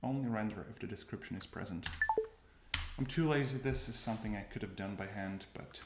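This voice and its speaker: In a casual screencast, a man speaks fairly quickly in a fairly low voice while demoing how he codes. He thinks out loud, halting often to correct himself, against a roomy, noisy backdrop of keyboard typing and mouse clicks.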